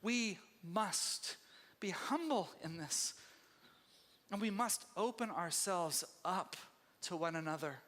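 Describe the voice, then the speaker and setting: A man preaching a sermon as pastor, intense and conversational, swinging between loud bursts and hushed asides and talking straight to the congregation. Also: sits high, expressive, slow, long reverb tail. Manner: conversational, addresses congregation as "you guys". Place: church sanctuary.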